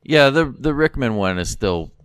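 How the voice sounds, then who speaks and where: A man's voice: mid-range voice, expressive, normal speed, clean tone, no room sound, clean studio sound. A man, a podcast guest, chatting with amusement and enthusiasm, often restarting his sentences. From America. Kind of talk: casual chat.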